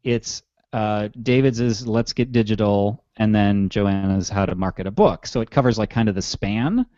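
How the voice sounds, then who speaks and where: A man's voice: lowish voice, normal speed, mellow, dry recording, muffled recording. A man hosting a podcast in casual chat, rambling and mocking himself with frequent chuckles. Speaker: podcast host.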